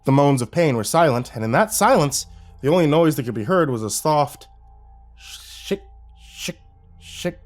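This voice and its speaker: A man narrating a horror story in an expressive, wry and dramatic way. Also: a little high, a little fast, faint music behind.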